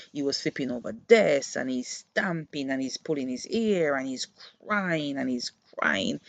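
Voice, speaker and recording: Earnest podcast host, gravelly low edges, a dull dry recording, explains through real stories. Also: no echo. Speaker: podcast host who works with children. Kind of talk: reflective podcast monologue.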